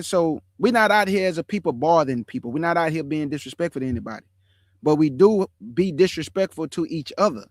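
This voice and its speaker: A man hosting an online show, chatting casually about scripture in relaxed slang and calling his viewers family. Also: fairly high pitch, dry recording. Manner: laughs often while telling stories. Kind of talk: casual livestream chat on scripture.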